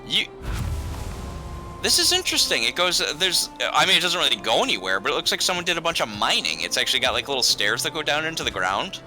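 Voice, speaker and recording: A man in casual, rambling gaming chat with friends, quick to joke. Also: fairly high pitch, sing-song, music in the background. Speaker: gamer streaming with friends.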